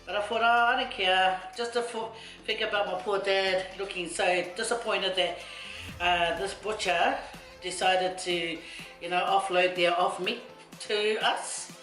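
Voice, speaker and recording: A woman's voice: mid-range voice, steady tone, measured pace, a bit bright. Chatty middle-aged woman in an echoey kitchen. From Samoa. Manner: chatty, rambling, laughing asides. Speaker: vlogger. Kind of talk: casual storytelling while cooking. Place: home kitchen. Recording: echoey kitchen with faint music.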